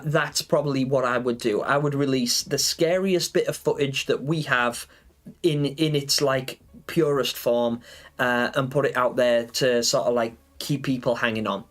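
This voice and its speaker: A man's voice: medium pitch, fairly even intonation, normal speed, fairly bright tone. A man chatting casually on a gaming livestream, rambling with lots of fillers and answering viewers. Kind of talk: casual live-stream chat.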